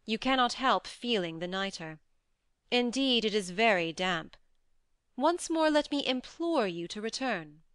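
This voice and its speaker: A woman voicing a scheming, vengeful nobleman who speaks with calm, mocking courtesy in an audiobook reading. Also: fairly high pitch, a little slow, clean tone, dry recording, clean studio sound.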